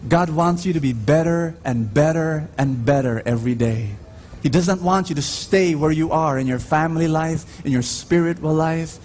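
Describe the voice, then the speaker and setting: A man with a Filipino accent preaches in a slow, deliberate cadence, his fairly high voice leaping up on each emphatic line. It comes from a radio live stream of a church service, with a faint hiss of noise underneath. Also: a little mellow. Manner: slow, emphatic preaching with big pitch swings. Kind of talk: sermon.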